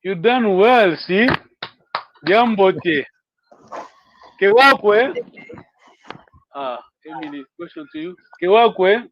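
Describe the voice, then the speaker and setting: A man teaching a language class online, encouraging students and repeating words slowly so they can copy them. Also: sits high, expressive, highs cut off, slight background noise.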